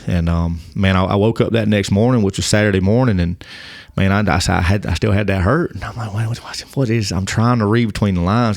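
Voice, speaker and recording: A man, a podcast guest, telling a personal testimony in casual talk, halting and earnest, often repeating his words. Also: on the low side, creaky, a little mellow, no room sound, studio quality.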